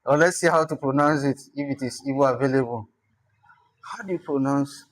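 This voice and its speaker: A man's voice: mid-range voice, brisk, rough recording. A man giving an online lesson on spelling, thinking aloud, sounding out words and chuckling as he goes. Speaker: instructor.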